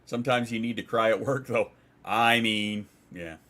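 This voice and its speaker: A man's voice: lowish voice, steady tone, normal speed, a bit bright. A man chatting casually on a livestream, reading chat aloud and replying in a rambling, profane way with frequent restarts. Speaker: streamer.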